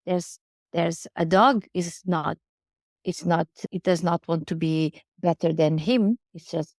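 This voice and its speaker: Woman, 40s, guest, earnest and searching, lower pitch, dry recording. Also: unhurried, darkish tone, no room sound. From Portugal. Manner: earnest, repeats words while searching for phrasing. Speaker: guest, riding instructor. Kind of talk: casual interview conversation.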